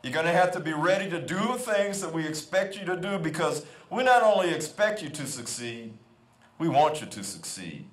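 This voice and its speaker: A man's voice: a little high, animated, a little fast. A middle-aged man giving an emphatic motivational speech at an outdoor school ceremony, repeating his key phrases. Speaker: guest convocation speaker. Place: outdoor quad. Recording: echoey outdoor PA sound.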